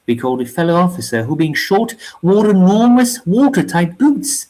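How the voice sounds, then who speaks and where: Somber, measured reader of a dark novella. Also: medium pitch, poor audio. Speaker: reader of a story channel. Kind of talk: reading a novella aloud.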